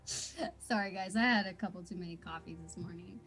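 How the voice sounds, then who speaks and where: A woman's voice: fairly low pitch, brisk, fairly bright tone, soft background music. A young woman telling a story in a casual interview, bubbly and laughing often, full of fillers. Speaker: voice actor guest.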